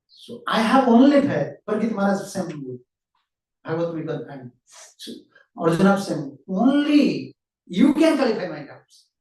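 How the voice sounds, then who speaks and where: A man's voice: sits high, darkish tone. A man giving an earnest devotional lecture, who repeats key phrases and asks and answers his own questions. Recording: roomy hall sound from a distant mic.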